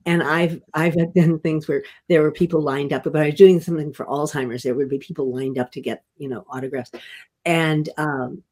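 An older woman, a veteran actress, telling stories in an interview, halting and restarting often as she chuckles. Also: deep voice, steady tone, a little mellow. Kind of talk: interview storytelling.

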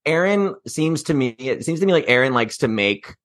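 A young man co-hosting a casual chat podcast, opinionated and quick to laugh. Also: medium pitch, animated, no room sound. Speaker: podcast co-host.

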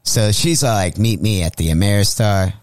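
A male comedian from St. Louis telling a crude story on a radio show, profane and animated, acting out the voices in his tale. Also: fairly low pitch, normal speed, no echo. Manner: profane, animated, acts out quotes. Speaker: comedian guest.

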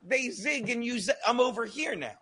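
A man ranting about a joke on a casual comedy podcast, loud and profane, talking over the others. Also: very high voice, lively intonation, normal speed, husky.

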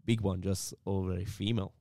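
A man on a casual podcast, talking in halting restarts, saying "mate" and laughing often. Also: deep voice, flat delivery, dark tone, dry recording, clean studio sound. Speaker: podcast co-host. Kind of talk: casual chat.

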